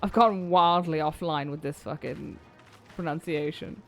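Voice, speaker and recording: A woman's voice: low-pitched, measured pace, soft background music. A woman streaming a game, chatting casually and swearing freely between reading lines aloud.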